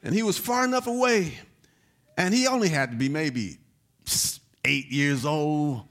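A man preaching a sermon, telling a personal story and building to shouted exhortation. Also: a little high, a little slow.

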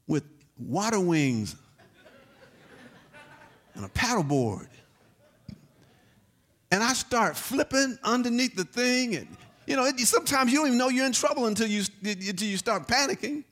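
A man preaching a sermon, telling a personal story and building to shouted exhortation. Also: medium pitch.

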